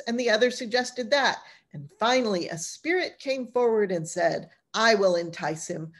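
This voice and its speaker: A woman voicing a weary, honest ancient male prophet in a storytelling lesson, speaking in a resigned, plainspoken way. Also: fairly high pitch.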